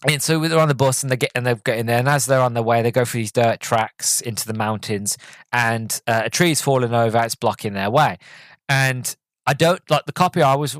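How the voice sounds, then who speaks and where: A man chats through a film review on his podcast, wandering from scene to scene with frequent fillers and false starts. His voice sits at a middling pitch. The recording is close and dry, with no room sound. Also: a bit bright, no room sound. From Britain. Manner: rambling, with many fillers and restarts, retelling scenes in quoted voices. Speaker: podcast host.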